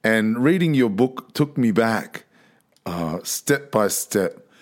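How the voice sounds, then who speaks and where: A man hosting a podcast interview, asking questions and thanking his guest in an appreciative, expressive way. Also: fairly low pitch, slow. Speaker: podcast host.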